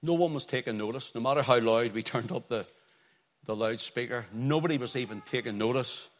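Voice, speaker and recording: A middle-aged man preaching a sermon, swinging from quiet storytelling to loud urgent calls. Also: medium pitch, brisk.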